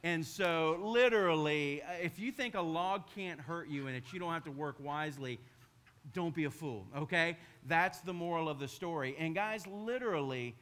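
Guy pastor preaching, bright kinda high voice, animated self-mocking storyteller. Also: normal speed. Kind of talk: sermon.

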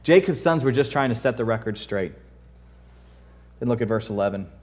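A man's voice: medium pitch, fairly quick, pauses often. A man preaching a sermon, reading scripture and acting out the quoted lines with rising force. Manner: animated, acts out quotes in raised voice.

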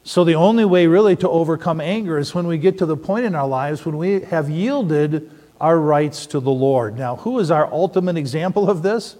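A middle-aged man preaching a sermon, telling stories and asking the audience questions in an animated way. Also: on the high side, normal speed. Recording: long hall reverb.

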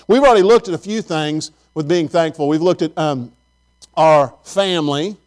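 A man's voice: fairly high pitch, normal speed, a little mellow. A middle-aged man, preaching a sermon in a folksy, chatty storytelling way and talking directly to his congregation. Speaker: pastor.

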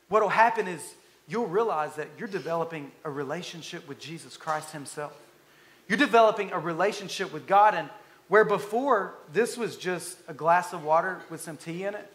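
A man with a noticeably high voice delivers a sermon in an earnest, emphatic way. He drives his points home by repeating phrases and leaning hard on key words. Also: fairly bright tone. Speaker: pastor.

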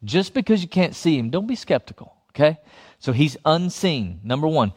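A male pastor preaching a lively sermon, often repeating phrases and chuckling between points. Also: fairly high pitch, moderate pace, breathy edge.

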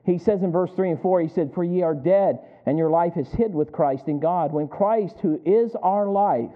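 A man's voice: high-pitched, normal speed. A man preaching a sermon, telling stories and asking the congregation to finish his phrases. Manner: animated storytelling, asks the congregation to fill in words. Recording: tinny phone-like sound.

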